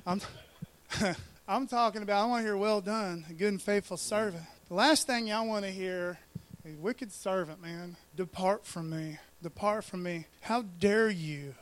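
High-voiced man preaching a casual sermon. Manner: animated, joking asides, slangy.

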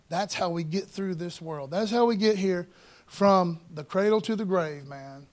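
A man preaching a sermon in a casual, conversational way, often adding "man" and "you know" and slowing down to read scripture with emphasis. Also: high voice. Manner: reads scripture slowly and emphatically. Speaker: pastor.

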